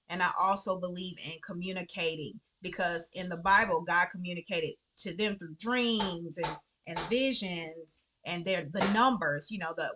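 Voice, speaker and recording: Woman vlogger, adult mom, earnest and animated, crisp bright tone, middle pitch. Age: adult with children. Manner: earnest, animated, repeats phrases for emphasis. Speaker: vlogger sharing favorite books. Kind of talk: casual heartfelt chat to camera.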